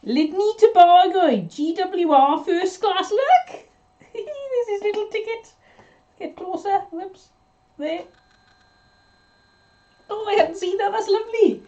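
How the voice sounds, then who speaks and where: A woman's voice: very high-pitched, animated, takes it slowly, long pauses, warm tone, lo-fi sound. A British woman co-hosting a live show, fondly reading out viewer comments and showing gifts. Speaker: co-host of a live mudlarking show. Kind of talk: casual live-stream chat.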